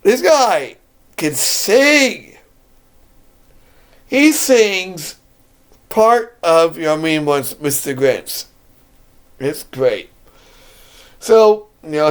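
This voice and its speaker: Enthusiastic man, slow, clear voice. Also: a little high. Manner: enthusiastic, rambling, laughs often. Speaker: video blogger reviewing a movie. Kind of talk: casual movie discussion.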